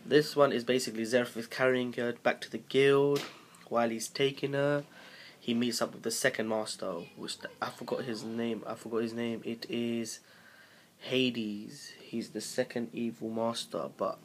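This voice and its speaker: A man's voice: medium pitch, fairly even intonation, normal speed, a little hiss or hum. Profane, rambling man recapping manga. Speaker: manga chapter reviewer. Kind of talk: casual live review.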